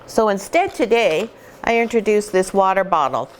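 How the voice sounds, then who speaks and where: Brief: woman breeder, mid-pitched, talking through puppy playtime tips in a chatty, hands-on way. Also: lively intonation, normal speed, a little hiss or hum. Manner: chatty, explains step by step while playing with puppies. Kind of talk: instructional puppy-raising video. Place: indoor puppy play room.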